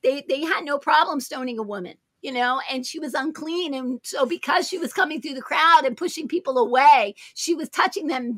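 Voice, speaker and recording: A woman's voice: high-pitched, creaky, a bit bright, slightly rough, no echo. A woman hosting a Christian talk show, speaking in an emphatic, preacherly way and repeating her phrases. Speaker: show host.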